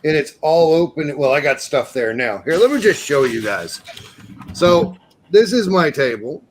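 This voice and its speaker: A man's voice: on the high side, animated, unhurried, a little hiss or hum. A man co-hosting a casual live video chat, joking and teasing. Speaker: co-host.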